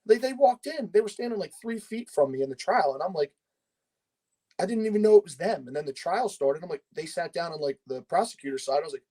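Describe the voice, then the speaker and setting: A man's voice: sits high, animated, fast talker, mellow, poor audio. A man in his thirties from Pennsylvania, speaking as a podcast guest. He tells his story in loose, casual talk full of fillers and frequent swearing. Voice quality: swears freely, rambling with fillers.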